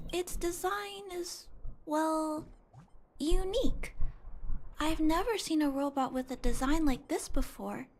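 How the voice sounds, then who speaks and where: A woman voicing a kind young girl who fixes robots, speaking softly, earnestly and thoughtfully. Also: high-pitched. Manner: soft, earnest, thoughtful explaining.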